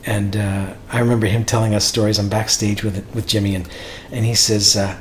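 A man's voice: on the low side, level tone, brisk, slight background noise. Rambling man telling stories. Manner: rambling, many restarts. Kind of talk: casual storytelling.

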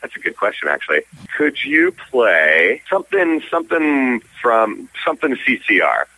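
Bright-voiced young man chatting easily. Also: medium pitch, wildly swooping pitch, normal speed, low-quality recording. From Canada. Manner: easygoing, frequent restarts. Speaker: stage actor, guest. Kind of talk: casual interview.

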